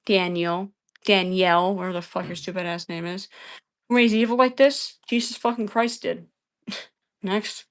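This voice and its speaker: A woman's voice: fairly low pitch, steady tone, measured pace. Woman streamer, combative and profane, scolding her chat, keeps repeating herself. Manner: repeats phrases over and over. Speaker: livestream debater. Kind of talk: heated livestream argument with chat.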